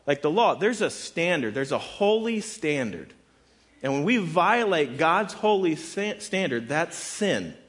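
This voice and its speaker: A man's voice: fairly high pitch, sing-song, unhurried, fairly bright tone. A man preaching a sermon as pastor. He talks casually and conversationally, fills his speech with "like," and acts out the people he quotes. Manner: casual and conversational, with frequent "like" fillers; dramatic, voices the people in his scripture quotes.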